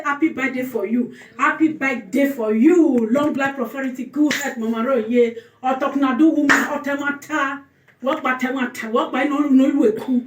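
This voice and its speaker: A woman with a Nigerian accent, warmly pouring out repeated birthday blessings in a casual vlog. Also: high voice. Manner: effusive, repetitive blessings, mixes pidgin with local language. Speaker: food channel vlogger. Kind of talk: casual birthday greeting to camera. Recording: roomy and distant from the mic.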